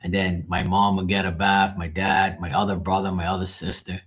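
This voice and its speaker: A young man, telling a casual, profane and animated story on his livestream. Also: deep voice, moderate pace, a little hiss or hum. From Bermuda. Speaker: livestream host.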